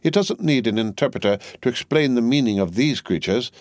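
A man's voice: mid-range voice, animated, brisk, darkish tone, dry recording, clean studio sound, pitched above the performer's own voice, natural voice. A man reading an audiobook, voicing a brusque, fiercely patriotic middle-aged Englishwoman with a fussy, emphatic manner. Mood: brisk, emphatic. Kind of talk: audiobook character voice.

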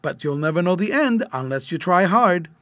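A man voicing a patient, gentle mother of three children in a storybook reading, speaking softly and kindly. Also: sits high, animated, normal speed, dry recording.

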